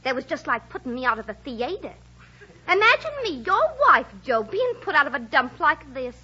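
An indignant Brooklyn wife. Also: female voice, high-pitched, big pitch swings, normal speed, sharp tone, exaggerated voice. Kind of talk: 1940s radio acting. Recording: lo-fi old radio broadcast.

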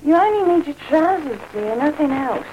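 An actress playing a brisk, world-weary prostitute, talking in a brassy, businesslike way. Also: female voice, high voice, expressive, mellow, muffled recording, slight background noise. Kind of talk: radio drama acting.

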